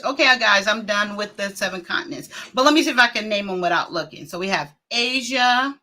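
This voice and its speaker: A woman's voice: mid-range voice, a little fast. A middle-aged woman, hosting a live stream in casual, exclamatory chat. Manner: lively, exclaims and laughs often.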